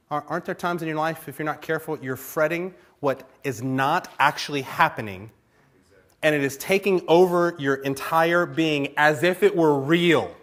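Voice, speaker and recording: A male pastor preaching in church, telling stories with lots of laughter and acting out little conversations. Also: medium pitch. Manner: animated storytelling, laughs often, acts out conversations. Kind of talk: sermon.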